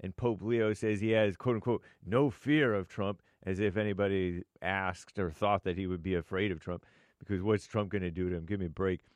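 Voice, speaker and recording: A man's voice: sits low, fairly even intonation, normal speed, dry recording. An American man co-hosting a live talk show, reading viewer messages and headlines with offhand comments and frequent chuckles. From United States.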